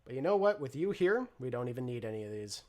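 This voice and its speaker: A man's voice: medium pitch, very animated, fast talker, natural voice. A man voicing a brash, smug teenage boy in a leather jacket during a tabletop role-play game.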